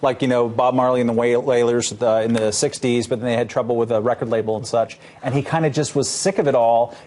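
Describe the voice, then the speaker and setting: A man's voice: mid-range voice, fairly even intonation, quick pace, a little mellow, slight background noise. Guy rambling through a story on a chat show panel, lots of likes and uhs.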